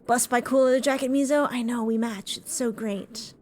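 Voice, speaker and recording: A woman's voice: on the high side, fairly even intonation, normal speed, hardly any pauses, slight background noise. A woman streamer giving playful, self-mocking commentary while playing a game. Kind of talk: casual gameplay commentary.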